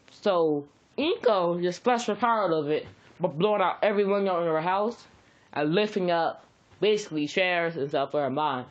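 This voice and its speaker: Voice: medium pitch, normal speed, highs cut off. A storyteller improvising a fan-fiction story in a rambling, casual way, repeating words and using slang.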